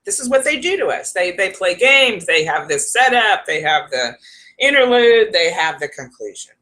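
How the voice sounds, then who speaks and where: A woman's voice: lowish voice, very animated, normal speed, bright, forceful tone. A woman psychic advisor talking to her viewers in a casual, rambling vlog, laughing often.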